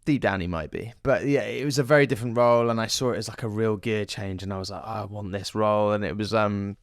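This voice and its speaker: A man's voice: on the low side, fast, no room sound, studio quality. A man, an actor chatting as a podcast guest, telling rambling stories. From southern England. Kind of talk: casual interview chat.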